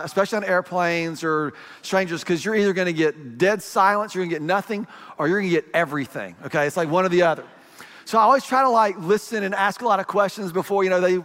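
Male pastor, high voice, chatty storytelling sermon, hall reverb. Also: a bit bright. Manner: conversational storytelling, acts out dialogue.

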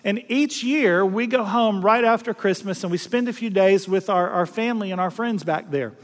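A middle-aged man from South Louisiana, preaching a storytelling sermon in a folksy, animated way, acting out voices and laughing at himself. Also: high-pitched, a little fast, long reverb tail.

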